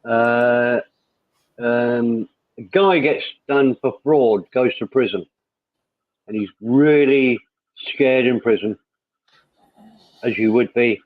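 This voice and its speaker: A man's voice: medium pitch, slow pace, long pauses, no echo. A man hosts a casual live chat, wandering from joke to comment in a loose, talkative way. His mid-range voice comes through a narrow, tinny phone-like line. The sound is dry, with no room around it. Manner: rambling, chatty, reads viewer comments aloud. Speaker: host.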